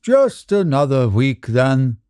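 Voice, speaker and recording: A sly, contented old man speaks mildly, with a slight hesitation, voiced by a male narrator. His delivery is unhurried and close, in a dry storybook reading. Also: mid-range voice, sing-song, darkish tone, clear, resonant tone, dry recording. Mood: sly contentment. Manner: mild and hesitating.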